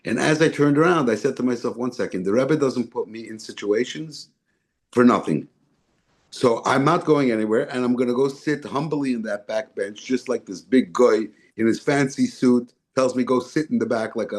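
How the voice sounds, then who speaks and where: A man of middle pitch tells a long personal story as a guest speaker. He shifts into the voices of the people he quotes, sometimes jumping much higher for a surprised judge. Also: moderate pace. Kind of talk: storytelling talk.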